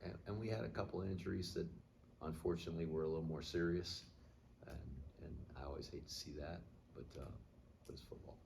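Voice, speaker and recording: Very deep-voiced middle-aged football coach. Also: male voice, steady tone, gravelly, darkish tone, a little hiss or hum. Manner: plainspoken, measured, thinking aloud. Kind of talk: post-game media interview.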